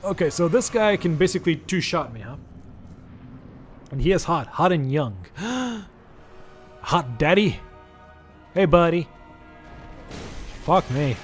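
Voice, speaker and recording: Chatty gaming streamer man, slightly high. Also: sing-song, takes it slowly, long pauses, faint music behind. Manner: chatty, swears, yelps at hits. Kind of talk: live gameplay commentary.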